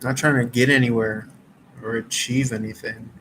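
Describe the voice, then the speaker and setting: A man's voice: mid-range voice, flat delivery, normal speed, fairly bright tone, a little hiss or hum, rough recording. A man who reads tarot, chatting casually outdoors around a campfire, laid-back and meandering, full of fillers. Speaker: tarot reader. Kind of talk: casual rambling chat.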